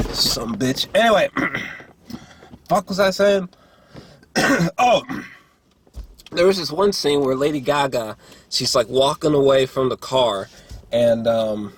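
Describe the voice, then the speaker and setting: A young man giving a casual movie review, rambling and profane, with lots of filler words and throat clearing. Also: medium pitch. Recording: faint background noise.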